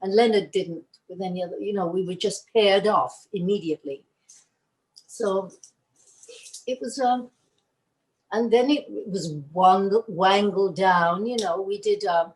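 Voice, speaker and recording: An older woman, an actress, recounting her early career in a rambling, animated way, acting out the lines she quotes. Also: medium pitch, poor audio. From Argentina. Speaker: actress telling career stories. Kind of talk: casual storytelling.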